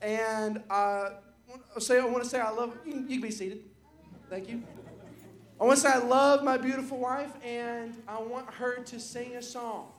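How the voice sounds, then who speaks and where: Fervent high-voiced man preaching in church. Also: steady tone, moderate pace. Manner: fervent, shouting praise. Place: church sanctuary. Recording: roomy church with crowd. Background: congregation.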